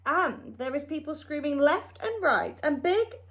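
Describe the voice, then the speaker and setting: Boastful boy, excited and bouncy, as a woman reads him aloud. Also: sits high, measured pace, heavy background noise, heavily acted. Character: boastful young boy dreamer.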